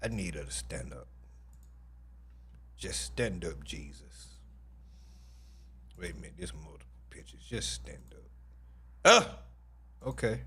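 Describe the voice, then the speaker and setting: A man hosting a casual livestream commentary, animated and profane, full of exclamations. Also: deep voice, measured pace, long pauses, slightly rough.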